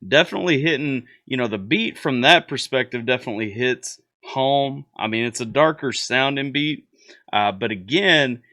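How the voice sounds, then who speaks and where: A man at an ordinary, middle pitch gives a casual spoken review of a song. He rambles, restarts and leans on fillers as he coaches the artist. His critique stays friendly and constructive. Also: expressive, moderate pace, bright, forceful tone. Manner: rambling, repeats words, many fillers. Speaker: music reaction host.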